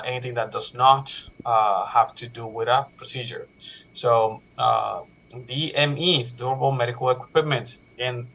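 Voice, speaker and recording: Male instructor, live-streamed lecture, halting delivery with frequent fillers, mid-range voice. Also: mid-range voice, a bit bright, rough recording. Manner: halting, many "uh" fillers and restarts. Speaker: medical coding instructor.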